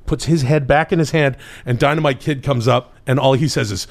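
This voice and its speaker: A comedian telling a story in loose podcast chat, swearing freely and acting out everyone he quotes. His voice sits at a middling pitch for a man. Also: a little fast, hardly any pauses, slight background noise. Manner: profane, animated, acts out quoted voices.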